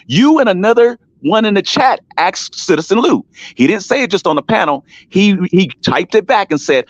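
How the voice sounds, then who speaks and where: A man's voice: high voice, very animated, brisk, dry recording. A man in a heated casual talk on an online panel, emphatic and repetitive, calling listeners by name. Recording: dull dry stream audio.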